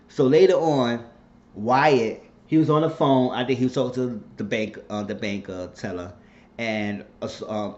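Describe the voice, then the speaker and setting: A man at a middle pitch talks through a TV episode in a loose, animated way. He curses freely and slips into the characters' lines as he retells the plot. The recording sounds dull and lo-fi. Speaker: TV episode reviewer. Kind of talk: casual recap of a TV drama.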